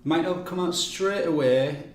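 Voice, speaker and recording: A slightly high-voiced man speaks a little slowly while hosting a game stream, going over upcoming events in a loose, chatty way with lots of ums and restarts. The room echoes and has faint noise.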